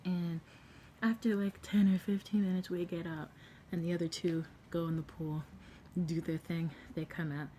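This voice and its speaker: A young woman vlogger telling a story in a casual, animated way, sometimes dropping to a whisper. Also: lowish voice, normal speed, a little hiss or hum. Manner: animated, acts out quotes, drops to a whisper at times.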